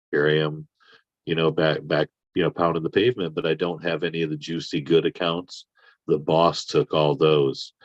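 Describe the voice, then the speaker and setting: Man with a real low voice rambling through a story, cusses a lot, dry kinda dull sound. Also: dry recording. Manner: rambling, profane, animated when riled. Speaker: podcast guest. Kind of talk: casual storytelling.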